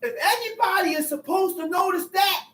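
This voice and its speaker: A man's voice: very high-pitched, normal speed, fairly bright tone, recorded from a distance. A man teaching a Bible class, explaining scripture in casual street talk. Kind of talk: preaching Bible study. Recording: echoey room, voice from afar.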